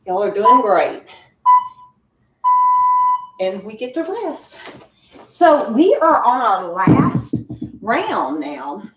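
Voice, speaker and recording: Woman fitness instructor, winded, cheerful coaching, unhurried; roomy far-off home recording. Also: mid-range voice, sing-song, highs cut off, noisy background. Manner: encouraging, chatty, laughs often. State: out of breath. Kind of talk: home workout class.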